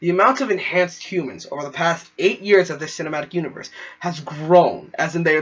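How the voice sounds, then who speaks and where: High, bright, excitable young man. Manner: gushing and animated, full of fillers and quick acted-out quotes. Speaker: movie reviewer. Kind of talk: excited spoiler movie review. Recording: dull lo-fi recording.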